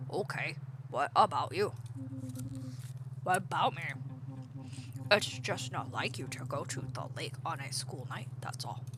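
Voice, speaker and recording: A woman streamer reading a game's dialogue aloud in her own casual voice, adding light commentary as she plays. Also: a little high. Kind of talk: reading game dialogue aloud while playing. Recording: steady background noise.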